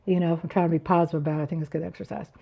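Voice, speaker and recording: A woman's voice: low voice, little pitch movement, very fast, gravelly, muffled recording. A woman in her fifties hosting a casual livestream, reading chat comments aloud with playful giggles and little sung riffs. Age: 50s. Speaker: livestream host.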